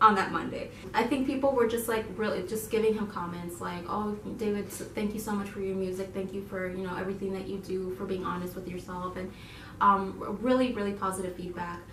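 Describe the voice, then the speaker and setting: A young woman co-hosts a casual video and tells her story to viewers, giggling often and jumping into excited voices whenever she quotes herself. She sits some distance from the microphone in a roomy space that echoes, with a faint hum behind her. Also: mid-range voice, fairly quick. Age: young adult. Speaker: YouTube channel co-host.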